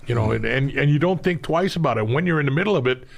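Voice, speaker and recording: A man's voice: medium pitch, quick pace, gravelly. An older man, a veteran guest, telling war stories in a casual talk and acting out the voices of people he quotes. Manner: animated storyteller, acts out the voices of people he quotes. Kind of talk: casual storytelling on a talk show.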